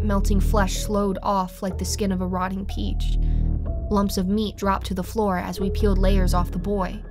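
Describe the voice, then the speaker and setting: A woman narrating a horror story in the first person with an even, steady delivery. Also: mid-range voice. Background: faint music.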